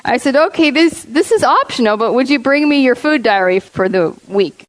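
A woman giving a personal testimony sermon, telling her story in an animated way and acting out the voices of the people in it. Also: sits high, normal speed, rough recording. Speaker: church speaker and health class teacher.

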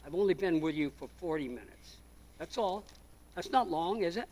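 A male pastor preaching a sermon, calling out questions to the congregation and swinging between loud and soft. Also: a little high, animated, normal speed, low-quality recording. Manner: preachy, rises and drops in volume, asks the congregation questions.

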